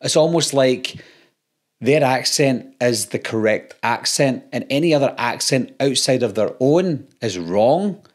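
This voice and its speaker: A Scottish man chatting to his viewers in a relaxed monologue. His voice sits at an ordinary middle pitch, and his delivery is dry, sarcastic and matter-of-fact. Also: a little slow. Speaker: YouTube film channel host. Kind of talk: casual monologue reading and answering comments.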